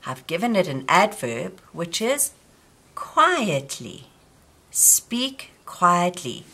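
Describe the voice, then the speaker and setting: Slow, lively woman teaching children. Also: fairly low pitch. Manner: gentle and patient, asks the listener questions.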